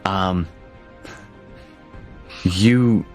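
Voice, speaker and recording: A low-voiced man runs a tabletop game at an unhurried pace. He narrates in halting stretches, with plenty of ums and restarts. Faint music plays behind him. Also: a little mellow. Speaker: game master.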